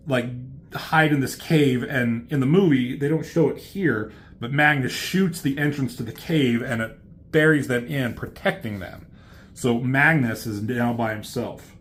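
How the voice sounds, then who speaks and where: A man talks through a comic book in a loose, rambling way as a reviewer. He swears freely and keeps his voice at a middle pitch. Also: a little hiss or hum. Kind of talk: casual retelling of a comic.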